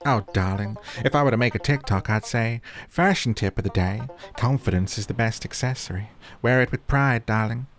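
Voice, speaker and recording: A man's voice: on the low side, normal speed, faint music behind, natural voice. Male performer reads a sophisticated diva fox villager, haughty, affected, darling every line. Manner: affected, calls people darling.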